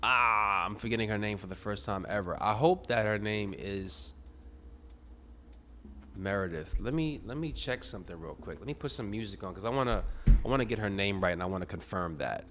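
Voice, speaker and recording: A man's voice: fairly low pitch, moderate pace, a bit bright, faint music behind. A sleepy man talking casually about tennis to his viewers, rambling and correcting himself as he goes. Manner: rambling, self-correcting, chatty. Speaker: tennis video creator. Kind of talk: casual tennis talk to camera.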